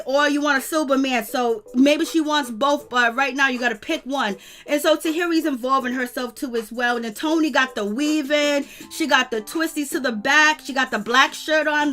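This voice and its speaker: A woman, chatting casually and animatedly while she recaps a reality show live. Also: high voice. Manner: animated, slangy, breaks into quick prayer. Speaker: reality TV reviewer.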